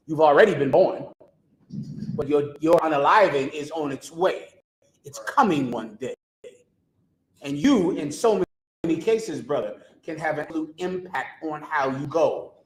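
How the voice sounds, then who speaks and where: A man with a fairly high voice delivers a street sermon, leaning on emphasis and sarcasm and pressing his listeners with rhetorical questions. The sound carries a strong echo from the space around him. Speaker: street preacher.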